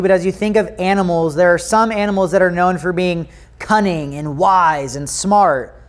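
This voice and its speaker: A man with an American accent preaching a sermon in a church, reading scripture, praying and talking to the congregation in an earnest, conversational way. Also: sits high. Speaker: pastor. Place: church sanctuary.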